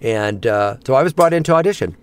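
A middle-aged man, a voice actor, chatting in an interview and breaking into quick character voices as he tells stories. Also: medium pitch, smooth. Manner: animated, slips into quick character voices mid-story. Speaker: voice actor guest. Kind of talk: casual interview chat.

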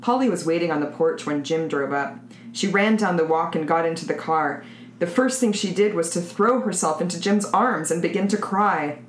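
A woman's voice: fairly low pitch, moderate pace. A woman podcast host reading a novel aloud and chatting casually, mocking the characters in put-on voices. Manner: reads dialogue in mocking voices. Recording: echoey room, faint noise.

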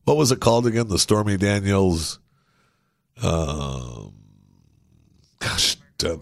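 A man's voice: sits low, very animated, slow pace, gravelly, no echo, studio quality. A man hosting a talk show, giving opinionated political commentary with indignant, sarcastic asides.

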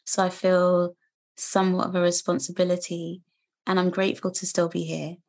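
Earnest british woman in her 30s, kinda low voice, thinks out loud with lots of pauses. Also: flat delivery. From United Kingdom. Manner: earnest, reflective, speaks with pauses and restarts. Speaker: guest. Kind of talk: candid interview conversation.

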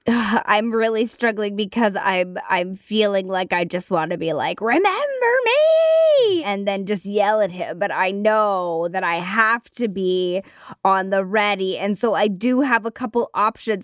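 A woman's voice: mid-range voice, fairly even intonation, measured pace, fairly bright tone, dry recording. A woman playing an improvised tabletop game, thinking her moves through aloud in a studio. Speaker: player. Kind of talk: improvised tabletop role-play. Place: production studio.

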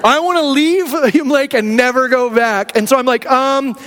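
A pastor from Arizona telling a personal story in a sermon, earnest and candid, speaking conversationally with many restarts. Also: male voice, extremely high pitch, normal speed, fairly bright tone. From Arizona, USA. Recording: long hall reverb.

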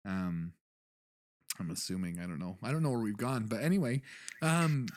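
A man's voice: on the low side, animated, moderate pace. A man hosting a soccer podcast in casual chat. He jokes, rambles and laughs often. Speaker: podcast host.

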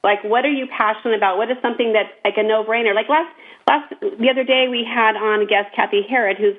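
Upbeat woman cohost, motivational, kinda high voice, tinny phone audio. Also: fairly even intonation, quick pace. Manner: encouraging, earnest, motivational. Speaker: podcast co-host. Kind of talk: casual chat. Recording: tinny phone-line sound.

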